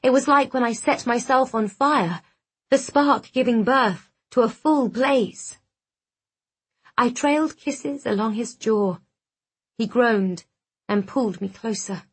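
A woman reading a first-person romance novel aloud, with soft, intimate narration and acted dialogue. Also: fairly high pitch, slow, husky. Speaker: audiobook narrator.

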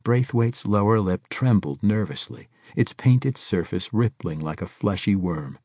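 Audiobook narrator, male, low and husky, lively pitch, dry close recording. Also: a little slow, no room sound.

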